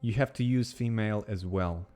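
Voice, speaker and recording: A man with a Russian accent, speaking English as a second language and co-hosting a casual chat, meandering and halting as he explains things. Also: on the low side, warm tone, soft background music. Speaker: podcast co-host.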